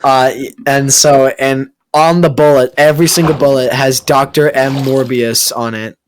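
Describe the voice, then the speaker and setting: A man's voice: mid-range voice, fairly even intonation, unhurried, a little hiss or hum. Rambling young man spinning a crude tall tale. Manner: rambling, crude, many fillers and restarts. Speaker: friend telling a story. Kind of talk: improvised late-night storytelling. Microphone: computer mic during a game recording.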